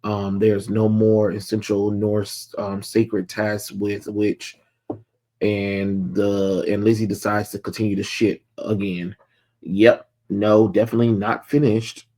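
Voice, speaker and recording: A man with a somewhat low voice walks through a comic book issue in a casual review. He rambles and fills gaps with ums. His asides are blunt and sarcastic. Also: level tone, unhurried, warm tone. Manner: rambling, many filler ums.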